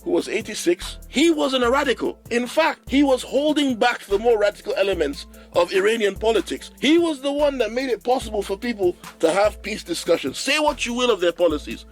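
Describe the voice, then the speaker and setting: Gravelly sarcastic man ranting. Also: high-pitched. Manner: sarcastic, fast, ranting, rising to mock outrage. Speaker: commentator. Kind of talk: comedic political rant.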